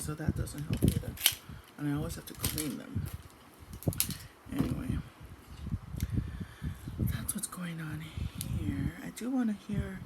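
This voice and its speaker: Middle-aged woman, chatty home vlogger, rambles freely, noisy recording. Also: low-pitched. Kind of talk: casual chat.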